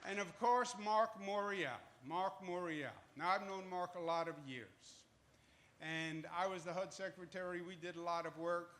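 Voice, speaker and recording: A man's voice: high voice, normal speed, a bit bright, some chatter behind. A man in his sixties with a New York accent, giving a public speech as a state governor, emphatic and repetitive with joking asides. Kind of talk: public speech at a groundbreaking event. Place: outdoor event in Harlem.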